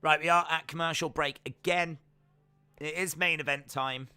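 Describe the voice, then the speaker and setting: A man's voice: fairly high pitch, steady tone, moderate pace, pushed and bright, clean tone, dry recording, faint music behind. A man chatting casually on a live reaction stream, repeating himself often as he talks. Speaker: streamer hosting a watch-along.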